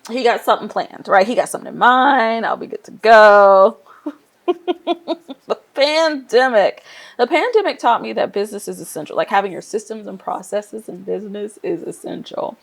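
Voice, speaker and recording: A woman from Nigeria, an interior designer, telling her career story in a casual, lively way and laughing often. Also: mid-range voice, moderate pace, vocal fry. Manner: lively, laughs often, acts out quoted voices.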